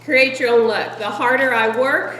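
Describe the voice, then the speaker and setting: A middle-aged woman presenting meeting ideas to fellow directors, chatty and animated and laughing often. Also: a little high, normal speed, slight background noise. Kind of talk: casual presentation to a group. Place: meeting room with an audience. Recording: echoey room from a distant mic, audience audible.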